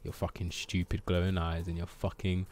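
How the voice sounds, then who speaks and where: A man's voice: low voice, monotone, moderate pace, a little mellow, no room sound. A man streaming gameplay, muttering to himself and swearing in frustration. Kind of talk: casual live gameplay commentary.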